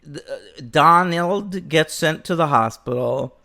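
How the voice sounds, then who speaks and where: Animated, bright-voiced man co-hosting a podcast. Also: on the high side, measured pace. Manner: animated, acts out movie lines in mock voices. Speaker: podcast co-host. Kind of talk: casual film review chat.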